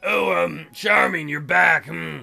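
A man's voice: a little high, takes it slowly, vocal fry, bright, forceful tone, slightly rough, voice pushed down, heavily acted. A man voicing a clingy, tearful young prince. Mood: pleading. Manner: pleading, emotional.

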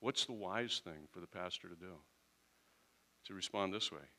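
Bright-voiced male pastor, conversational sermon. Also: low voice, normal speed. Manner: conversational, acts out short quoted exchanges.

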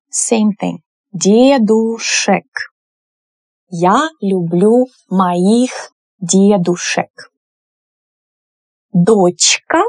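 A woman teaching a language lesson, explaining each word form slowly and patiently. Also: medium pitch, a little mellow, no echo.

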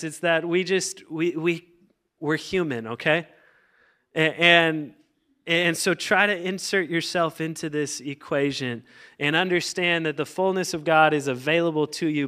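A man's voice: fairly high pitch, bright, forceful tone. A man preaching a casual, joking sermon as pastor, full of fillers and restarts. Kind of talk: conversational sermon.

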